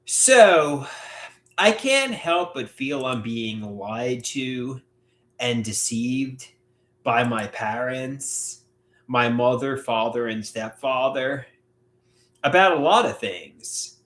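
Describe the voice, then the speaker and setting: A man hosting a live solo stream, talking in a halting, reflective way with many filler words. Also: mid-range voice, expressive, fairly bright tone. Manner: halting, reflective, frequent "you know" fillers. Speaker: livestream host. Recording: echoey room.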